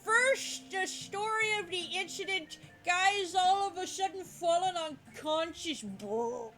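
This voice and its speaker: A woman's voice: very high-pitched, slow pace, a bit bright, soft background music, full character voice. A woman voicing a drunken middle-aged male newscaster in a game, with a slurred, rambling announcer delivery. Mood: tipsy, grandiose.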